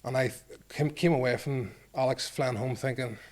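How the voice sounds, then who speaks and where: A man's voice: medium pitch, normal speed, a little mellow. A Northern Irish man in his forties, a former rugby player telling stories in an interview in a self-deprecating way, acting out the things people said. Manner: self-deprecating, acts out quoted exchanges. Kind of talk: storytelling interview.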